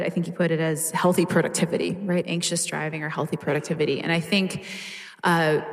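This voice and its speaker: A woman answering a question in a measured, thoughtful way. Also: low-pitched, in a large hall. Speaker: guest. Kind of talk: discussion answer.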